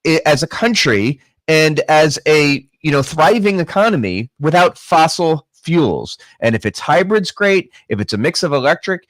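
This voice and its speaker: A man chatting as a guest about politics, thinking out loud with emphatic asides. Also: a little high, sing-song, moderate pace, few pauses, dry recording. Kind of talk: casual political chat.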